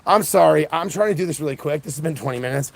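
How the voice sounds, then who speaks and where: Tired, fast-talking gravelly man. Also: a little high. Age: around 40. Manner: fast, scattered, many restarts and fillers. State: exhausted. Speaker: independent political livestreamer. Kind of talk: rambling casual monologue. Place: outdoor punk festival.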